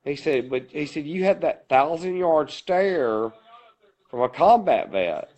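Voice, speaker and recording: A man's voice: on the high side, animated, unhurried, a little mellow. A man co-hosting a podcast, telling a long story at a rambling pace and swearing often. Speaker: podcast co-host. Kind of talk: casual podcast chat. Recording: dull lo-fi podcast audio.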